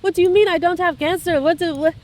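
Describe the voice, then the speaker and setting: A woman's voice: extremely high pitch, fairly even intonation, fast, darkish tone, voice pushed up. A woman voicing a stunned woman patient who pleads urgently and repeats herself. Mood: pleading.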